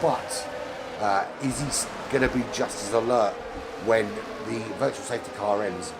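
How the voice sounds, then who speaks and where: A man's voice: fairly low pitch, moderate pace, very noisy. A man doing chatty commentary on an online sim race, with many fillers. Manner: chatty, fillers, rises to excited calls on overtakes. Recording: music bed under the voice.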